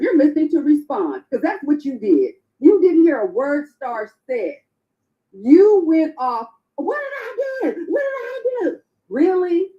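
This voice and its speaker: A woman's voice: high-pitched, lo-fi sound. A woman on a podcast panel angrily scolding another panelist, repeating herself for emphasis. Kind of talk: heated panel argument.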